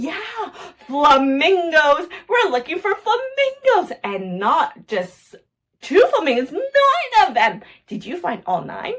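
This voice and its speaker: Woman, toddler counting lesson host, high lively voice, sing-song delivery, excited gasps and cheers. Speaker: children's educational video host.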